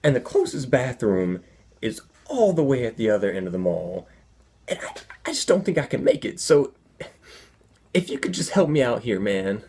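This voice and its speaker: A man voicing a desperate, flustered male customer at a mall, pleading and stammering in a slightly raised husky voice. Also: medium pitch, sing-song, normal speed, warm tone, pitched above the performer's own voice.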